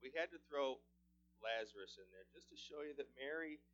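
Animated preacher man, lo-fi sound. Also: medium pitch, normal speed. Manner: animated, rises loud on emphasis, drops soft at line ends. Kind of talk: sermon.

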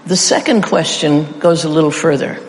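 A man's voice: a little high, normal speed, a little hiss or hum. A middle-aged man preaching an interactive sermon, playfully leading his audience through call-and-response repetitions. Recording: echoey hall with faint ambience.

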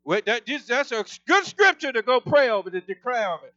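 A man preaching a sermon, fervent and emphatic, his voice climbing higher as he gets excited. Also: brisk, no echo, dull audio.

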